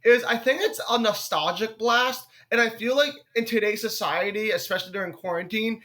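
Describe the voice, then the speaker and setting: A young man, a comedian, talking casually on a podcast, animated and swearing freely. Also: high-pitched, a little fast. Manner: animated, swears often, breaks into loud joking voices.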